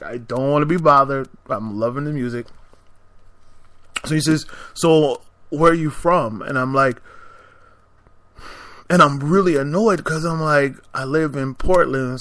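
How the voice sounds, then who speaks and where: A man's voice: mid-range voice, dry recording. A man hosting a podcast, telling a story in a casual, exasperated way and acting out both sides of the conversation. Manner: animated, exasperated, acts out both sides of the exchange. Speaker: podcast host. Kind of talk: storytelling anecdote.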